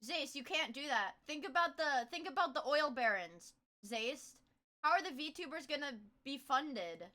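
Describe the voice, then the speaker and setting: A young woman streamer chatting casually with her viewers, rambling and swearing, breaking into loud laughter. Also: sits high, lively intonation, unhurried. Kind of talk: casual livestream chat.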